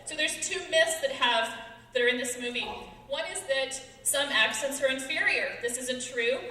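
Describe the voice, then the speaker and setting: A young woman in her twenties, a student giving an earnest, quick persuasive talk on stage. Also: high voice, sharp tone. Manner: earnest, quick, laughing now and then. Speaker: student speaker. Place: large hall with audience. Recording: echoey hall from far off.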